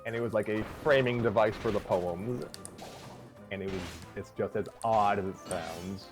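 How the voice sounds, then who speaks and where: A man with a fairly low voice hosts a casual livestream chat. He rambles and pokes fun at himself as he talks about his writing. Music plays clearly in the background. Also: normal speed. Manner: rambling, self-deprecating. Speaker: host and story writer.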